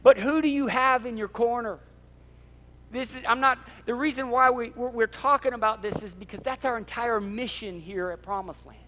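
A male pastor preaching a sermon, fired up and passionate, half yelling. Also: very high-pitched, moderate pace, slight background noise. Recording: long hall reverb.

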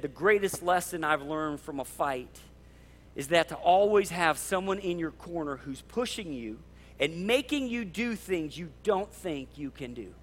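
A male pastor preaching a sermon, fired up and passionate, half yelling. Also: high voice. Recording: long hall reverb.

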